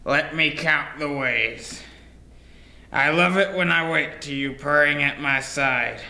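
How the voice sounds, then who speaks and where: A man's voice: fairly high pitch, slow, bright, forceful tone, heavily acted. A man playing a bashful, lovesick penguin villain in an amateur comedy sketch, sheepishly reciting a clumsy love poem in a roomy room. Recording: roomy indoor echo.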